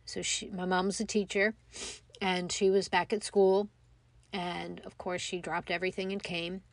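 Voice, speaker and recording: A middle-aged woman telling a personal story in a reflective, halting way, with many pauses and fillers. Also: fairly low pitch, little pitch movement, no room sound. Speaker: mother telling her story.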